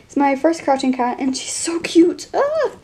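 A woman hosting a casual unboxing vlog, excitable and gushing as she opens toys, with plastic bags crinkling behind her. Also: high voice, moderate pace. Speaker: toy collector and channel host.

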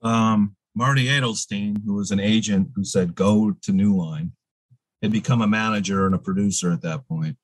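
A man's voice: lowish voice, normal speed, no echo, poor audio. A man guest in a casual interview, telling rambling stories full of fillers and restarts.

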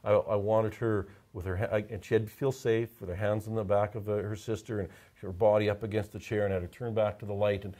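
Deep-voiced man telling a heartfelt story. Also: little pitch movement, warm tone. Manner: halting, repeats words, emotional. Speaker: portrait photographer, interview guest. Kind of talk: casual interview storytelling.

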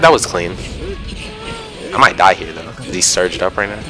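A young man giving excited, self-mocking commentary over his own online fighting game matches, often yelling at big moments. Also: low voice, moderate pace. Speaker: gaming YouTuber. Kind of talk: live gameplay commentary. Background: background music.

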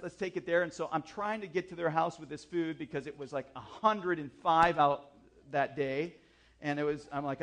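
A pastor preaches a sermon at a church service in a fairly high-pitched voice. He shares a personal story in a lively, conversational way, adding asides and poking fun at himself.

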